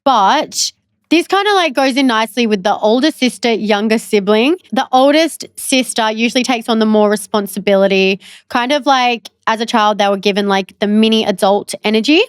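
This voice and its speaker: A young woman co-hosting a podcast, chatting casually and quickly, laughing often. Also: on the high side, clear, resonant tone, no room sound, studio quality. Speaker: podcast co-host. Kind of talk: casual chat.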